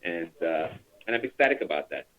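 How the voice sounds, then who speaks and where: A man's voice: deep voice, lively intonation, a little fast. A man leading a call center training over a conference call, chatty and rambling with many fillers. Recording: tinny phone line.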